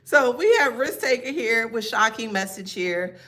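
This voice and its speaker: A woman's voice: on the high side, expressive, normal speed, fairly bright tone. A woman doing a live tarot reading who talks to her chat in a sassy, emphatic way and laughs often. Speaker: tarot reader.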